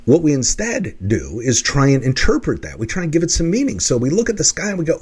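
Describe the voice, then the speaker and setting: A man coaching viewers in a lecture-style explanation, teaching in an animated way and acting out examples. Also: a little high, fast talker, breathy edge. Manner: animated teaching, acts out examples in put-on voices. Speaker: leadership and workplace coach.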